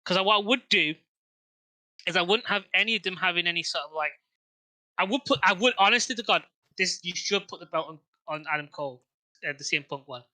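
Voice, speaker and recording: A man co-hosts a casual wrestling podcast in a high-sitting, bright, pushed voice, talking fairly quickly on a dry recording. He rambles, restarts his sentences often, and fills his talk with fillers and frequent swearing.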